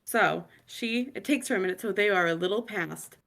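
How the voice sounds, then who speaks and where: A woman's voice: mid-range voice, normal speed, gravelly, a bit bright. A woman playing a tabletop role-play, talking in a casual, hesitant, rambling way. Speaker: player. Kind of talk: casual tabletop game talk.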